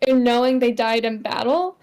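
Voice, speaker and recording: Young woman co-host, high voice, explains context in casual book chat. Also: moderate pace, darkish tone. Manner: explanatory, adds context and corrections. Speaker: podcast co-host.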